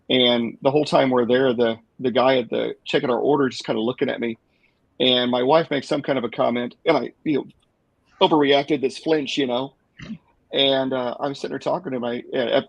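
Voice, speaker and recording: A man's voice: medium pitch, vocal fry, slightly rough, no room sound, poor audio. A man hosting a podcast, telling a long rambling story with chuckles along the way. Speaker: podcast host.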